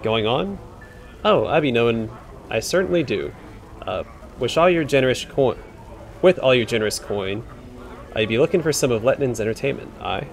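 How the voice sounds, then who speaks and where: A rough, wheedling tavern drunkard cadges drinks, as a man reads him aloud. He talks in folksy broken grammar and tags "aye" onto his lines. His pitch swings up and down in a lively way. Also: normal speed, pauses often, a little hiss or hum.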